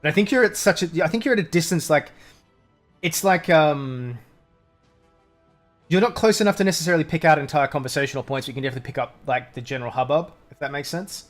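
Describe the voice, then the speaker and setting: A man narrating a tabletop game as dungeon master, his voice a little high for a man. He explains loosely, circling back and filling gaps, with soft music in the background. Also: fast talker. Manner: casual, rambling, with many fillers.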